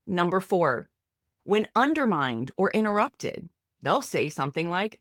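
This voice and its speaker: Lively, direct woman coaching. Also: lowish voice, measured pace, no echo, studio quality. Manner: direct, encouraging, plain-spoken. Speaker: therapist and executive coach. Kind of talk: faith-based teaching to camera.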